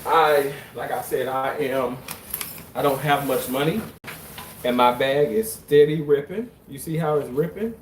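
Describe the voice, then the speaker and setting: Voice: medium pitch, measured pace, a little hiss or hum. A livestreamer ranting comically, joking and swearing, with mock-tearful theatrics. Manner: swears freely. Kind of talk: comedic livestream rant. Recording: roomy, distant from the mic.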